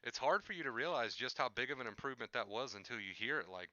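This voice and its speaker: Speaking fast and animatedly in a mid-range voice, this man streams live from home over a headset mic, chatting loosely with his audience and often saying things twice. His voice sounds pushed and bright, but the recording itself is dull.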